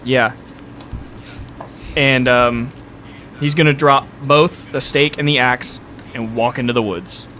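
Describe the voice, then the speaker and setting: A man's voice: mid-range voice, slow pace, pauses often, sharp tone, a little hiss or hum. A man working as dungeon master, narrating a tabletop game in a loose, rambling way full of fillers.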